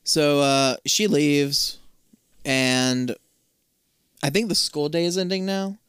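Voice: mid-range voice, slow pace, fairly bright tone, clean tone, no echo, studio quality. A podcast co-host chatting casually, swearing and jumping in with corrections. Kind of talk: casual chat.

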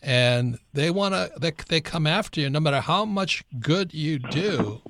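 A man's voice: on the high side, lively intonation, unhurried, gravelly, a bit bright, dry recording. A man hosting an interview, pressing his guest with repeated prompts and cutting in. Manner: pressing, repetitive, cuts in. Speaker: host. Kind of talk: interview questions.

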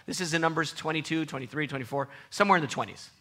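A man preaching a sermon with emphatic repetition, his voice swinging from loud outbursts to soft low passages. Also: very fast, hardly any pauses. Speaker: pastor.

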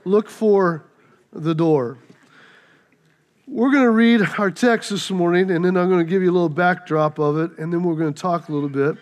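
A man preaching a sermon, telling a story with lively acted-out voices before he turns to his text. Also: high voice, fast talker, hardly any pauses. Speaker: pastor.

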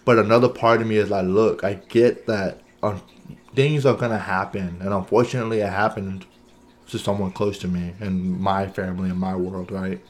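A man's voice: sits low, steady tone, moderate pace. A man co-hosting a podcast in casual chat, earnest and thinking aloud, often checking in with "right?". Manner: earnest, thinks aloud with many "right?" and "you know what I'm saying?". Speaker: podcast co-host.

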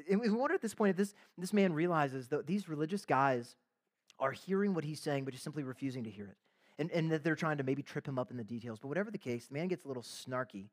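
A pastor delivers a sermon in a conversational, animated way, slipping into the voices of the people in the story and tossing in casual slang. His voice is a man's voice, a touch higher than usual. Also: fairly quick. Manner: conversational preaching, acts out voices of biblical figures with slang asides.

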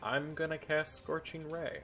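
A man with a gravelly, fry-laden voice chats casually as a player in a tabletop game. He jokes and keeps an eye on the rules. Faint music sits in the background. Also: on the high side, fairly even intonation, a little slow, sharp tone. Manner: joking, rules-minded.

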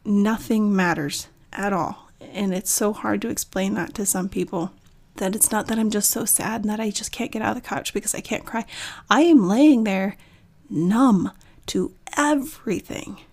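A woman in her thirties talks openly and earnestly, telling her own story in a reflective monologue. She often stumbles and restarts mid-sentence, in a mid-pitched voice. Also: normal speed, a little mellow. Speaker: author sharing personal story. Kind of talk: candid personal monologue.

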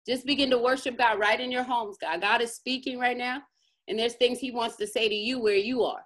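A woman's voice: fairly high pitch, normal speed, a bit bright. A woman pastor leading a fervent, repetitive worship prayer that swells on the cries of holy, then teaching. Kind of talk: prayer and sermon.

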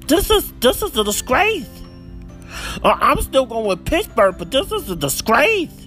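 Exasperated podcast host, high and animated voice, ranting and repeating himself. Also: male voice, unhurried, faint music behind. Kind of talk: solo football picks rant.

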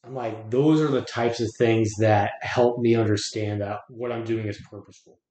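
A man's voice: lowish voice, fairly even intonation, normal speed, darkish tone. A man talking as a podcast guest, earnest and reflective, often restarting his words. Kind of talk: casual conversation. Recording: roomy echo.

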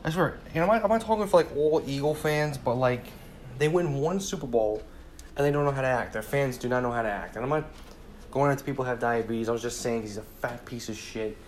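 Young man, 20, heated sports rant with profanity and rambling repeats; mid-pitched voice, faint noise behind. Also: a little fast. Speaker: sports fan vlogger. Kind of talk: casual ranting monologue.

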